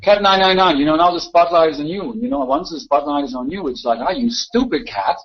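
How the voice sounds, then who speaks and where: A man's voice: fairly high pitch, big pitch swings, fast. A man ranting argumentatively in a live voice chat room, repeating himself and mocking others. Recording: dull lo-fi voice chat audio.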